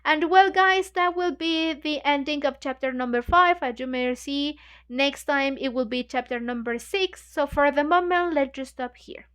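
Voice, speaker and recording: A woman's voice: sits high, moderate pace, fairly bright tone. A woman hosting a book club. She reads a novel chapter aloud and retells it in chatty English, full of "you know, like" fillers. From Mexico.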